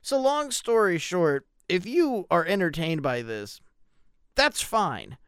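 Gravelly, animated man ranting about films. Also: sits high, takes it slowly, dry recording, clean studio sound. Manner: animated, profane, joking rants. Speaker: podcast co-host. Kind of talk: casual film chat.

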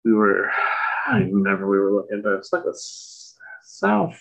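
A man from Michigan co-hosting a podcast, telling a rambling story with many pauses and restarts. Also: fairly low pitch, very animated, creaky. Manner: rambling, full of fillers and restarts. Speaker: podcast co-host. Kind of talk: casual storytelling chat. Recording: dull lo-fi sound.

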